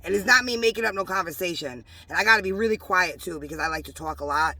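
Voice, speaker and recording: A woman, rambling emotionally about her faith from inside a parked car, mixing loud bursts with hushed asides. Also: lowish voice, expressive, fast, dry recording. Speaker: religious vlogger. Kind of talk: casual spiritual testimony to camera.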